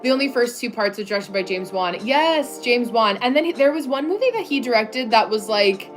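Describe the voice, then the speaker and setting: A woman with a slightly high voice and lively intonation speaks fairly quickly over soft background music. Hosting a casual livestream from her home desk in the US, she chats loosely with viewers, with frequent "like" fillers and laughs.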